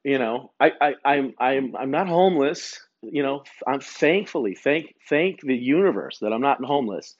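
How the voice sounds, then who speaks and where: A man's voice: medium pitch, lively intonation, moderate pace, hardly any pauses. Male podcast host, mid-range voice, rambling and stammering, swears freely, slightly dull lo-fi sound. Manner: rambling, stammering restarts, heavy swearing, laid-back. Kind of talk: rambling solo monologue.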